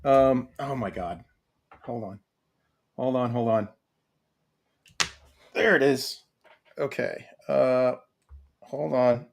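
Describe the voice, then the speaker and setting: A man co-hosting a casual podcast chat, rambling and excitable, laughing often. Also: medium pitch, slow, vocal fry, long pauses. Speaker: podcast co-host.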